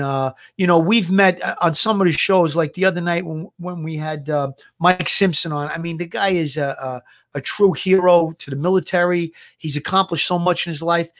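A man, a retired police officer, co-hosting a live online show and giving his opinions earnestly and emphatically. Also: fairly high pitch. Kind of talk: casual livestream commentary.

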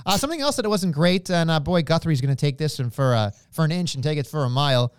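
A man co-hosting a casual podcast with a lively voice that swings all over in pitch. He stretches words out for emphasis and tosses in playful exclamations. The sound is dry and close to the mic. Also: fast talker, clean tone, no room sound. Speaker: podcast co-host. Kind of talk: casual wrestling chat.

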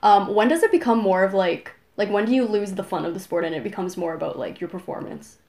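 A woman's voice: medium pitch, fast talker, a little mellow. Young woman host posing questions. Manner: steers the discussion, asks questions. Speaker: podcast host. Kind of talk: casual chat.

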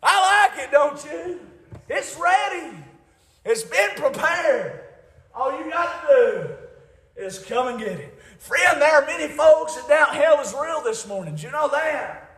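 A man preaching a fiery revival sermon, shouting at his peaks, then dropping low for emphasis, with folksy grammar. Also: animated, measured pace. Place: church. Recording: very echoey church hall.

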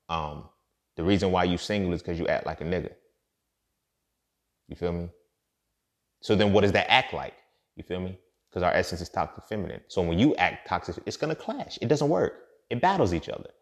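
A man talking in a casual, profane, preachy monologue, full of fillers and asides as he hosts his podcast. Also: deep voice. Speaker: podcast host.

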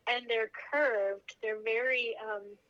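Woman, 30s, podcast guest; bright, slightly high voice, animated storyteller; dull lo-fi audio. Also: slow. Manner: animated, laughing as she tells a story. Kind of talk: personal storytelling.

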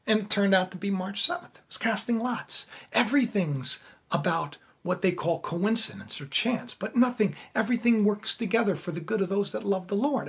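A woman preaching, telling a Bible story in a lively, conversational way and acting out the characters. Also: medium pitch, husky. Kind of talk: animated sermon storytelling.

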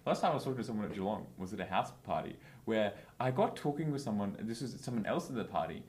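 A man from Western Australia co-hosting a podcast, chatting casually and teasing his co-host. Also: lowish voice. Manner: animated, teasing, quick to laugh. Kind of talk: casual chat.

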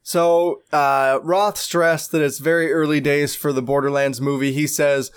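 A man's voice: on the high side, little pitch movement, measured pace, few pauses, clean tone. A man hosting a casual gaming podcast, reading out news in an easygoing way. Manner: easygoing, reads news out loud.

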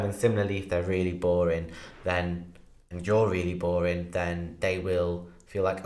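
A man's voice: fairly low pitch, normal speed. A man, a sales associate, giving cold-calling advice with many ums. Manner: steady, fairly confident, many ums. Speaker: senior sales development associate. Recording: roomy echo.

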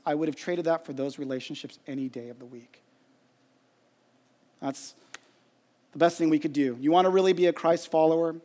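A man's voice: a little high, a little mellow. A man, a pastor, giving an earnest sermon and telling a family story with quoted dialogue.

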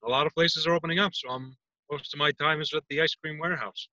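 A man with a very bright, forceful voice chats loosely, spinning profane stories in a relaxed back-and-forth. His voice sits fairly high for a man and sounds close and dry, with a dull, lo-fi recording quality. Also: quick pace, no echo. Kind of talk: casual chat.

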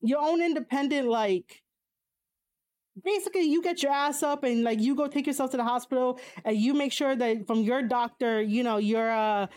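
A woman in a casual, opinionated chat, reading viewers' comments aloud and answering them. She swears bluntly, uses a lot of fillers and laughs often, with sudden high-pitched exclamations. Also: normal speed, darkish tone. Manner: blunt and profane, frequent fillers.

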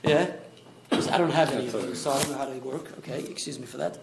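A man's voice: medium pitch, fast talker, gravelly, roomy sound, very noisy. A man from Australia, a rabbi teaching a Torah class, explaining with many restarts and asides. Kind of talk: lecture to a small class.

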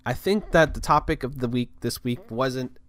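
A man's voice: mid-range voice, normal speed, fairly bright tone, soft background music. A young man hosting his own show, rambling casually through food tips and a story about his week, swearing now and then. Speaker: podcast host.

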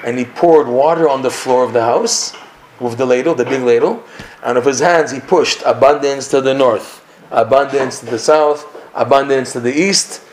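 A man teaching a Torah class, telling a story with lively acted-out dialogue. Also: mid-range voice, normal speed. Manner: animated storyteller acting out the characters' lines. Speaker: religious teacher.

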